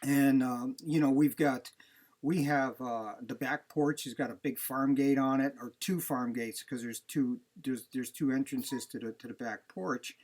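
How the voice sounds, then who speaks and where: A man's voice: mid-range voice, steady tone, a little slow, a little mellow. A man, a dog breeder, giving plain-spoken, conversational advice in a casual talk.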